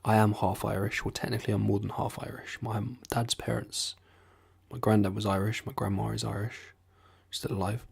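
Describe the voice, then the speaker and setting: A man's voice: lowish voice, little pitch movement, normal speed, vocal fry, slightly rough, no echo. A young man chatting casually to camera in a rambling, sweary, self-deprecating way. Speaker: vlogger doing accents.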